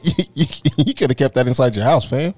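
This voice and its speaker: A man in casual banter with friends who laughs often and talks in expressive slang. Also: medium pitch, a little fast, dry recording. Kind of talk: casual chat among friends.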